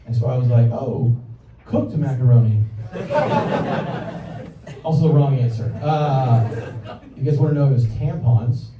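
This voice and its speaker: Captured from the crowd with heavy background noise, this is a young man's stand-up set on a club stage, delivered at medium pitch and a moderate pace. He comes across awkward and self-deprecating, with a slight Southern American accent, using a handheld stage mic. The distant club recording is roomy and dull, and the audience laughs throughout.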